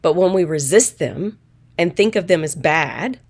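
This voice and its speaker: A middle-aged woman who works as a manifestation coach, telling a personal story in a calm, earnest and reflective way. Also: fairly low pitch, unhurried.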